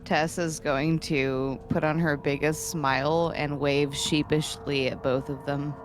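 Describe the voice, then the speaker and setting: A woman playing a tabletop game, chatty with quick asides. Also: low voice, little pitch movement, faint music behind. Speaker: player. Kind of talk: casual tabletop play.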